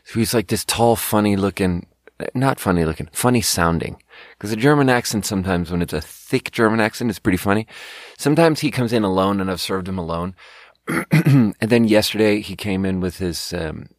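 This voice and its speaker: A man's voice: fairly low pitch, moderate pace, dry recording, clean studio sound. A man from Sweden hosting a podcast, telling a rambling, profane, self-mocking story in casual monologue. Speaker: podcast host and restaurant server.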